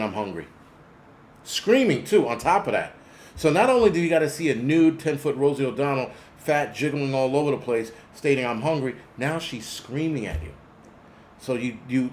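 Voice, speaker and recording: A man's voice: medium pitch, slight background noise. Rambling, profane man host. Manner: rambling, profane, reads chat names aloud. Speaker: host of a prepper channel. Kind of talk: casual live-stream chat.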